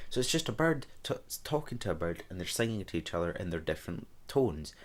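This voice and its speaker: A young Scottish man talks through his own songs in a loose, wandering way, making offhand jokes at his own expense. His voice sits very low. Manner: rambling and self-mocking, with offhand jokes. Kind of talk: casual chat.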